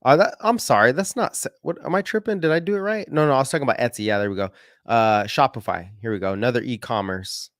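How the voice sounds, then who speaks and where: A man talks his audience through stock charts in a loose, rambling way. He throws in slang and often stops to correct himself. His voice sits at an ordinary pitch, and the close mic sounds dry with no room echo. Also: fast talker, fairly bright tone. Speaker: market analysis host. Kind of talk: casual chart commentary.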